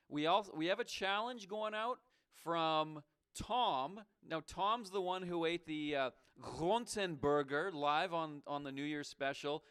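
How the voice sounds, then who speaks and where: Smooth-voiced man hosting a call-in show. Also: fairly high pitch, fairly bright tone. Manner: teasing, mock-suspicious. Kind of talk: casual call-in banter.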